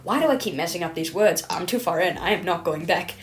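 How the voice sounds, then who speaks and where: A woman's voice: fairly low pitch, lively intonation, fast talker. A woman reading her own video essay in a scripted, self-mocking, rambling way, stumbling over words and correcting herself.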